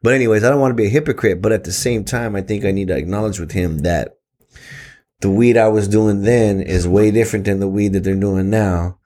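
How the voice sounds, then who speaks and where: An easygoing man in his thirties swaps stories on a casual podcast. His voice is fairly low, and he drops in curse words and laughs often. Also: a little fast, dark tone. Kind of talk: casual storytelling.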